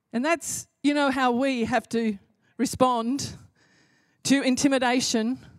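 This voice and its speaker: A woman's voice: on the high side, no room sound, clean studio sound. A woman preaching a sermon in an impassioned way, building to emphatic repeated phrases.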